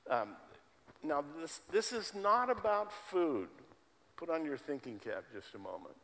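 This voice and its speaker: A man's voice: fairly high pitch, very animated, a little slow, gravelly, fairly bright tone. A man preaching a sermon in a church. He repeats key words for emphasis. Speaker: pastor. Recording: long hall reverb.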